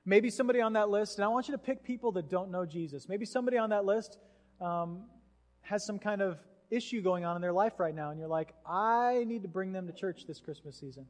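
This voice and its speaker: A pastor preaching a sermon, telling a story with lively acted-out voices. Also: male voice, sits high, brisk. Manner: animated storyteller, acts out voices. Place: church hall. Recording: hall reverb.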